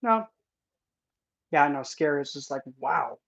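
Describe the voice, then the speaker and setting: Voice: medium pitch, expressive, unhurried, gravelly, a bit bright. An occult content creator giving casual vlog commentary in an indignant, sarcastic manner. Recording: dull lo-fi recording.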